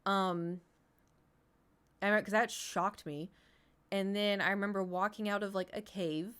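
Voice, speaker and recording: A woman's voice: mid-range voice, fairly even intonation, moderate pace, a bit bright, clean tone. A woman in her thirties, streaming and chatting casually, rambling through an anecdote and answering chat as she goes.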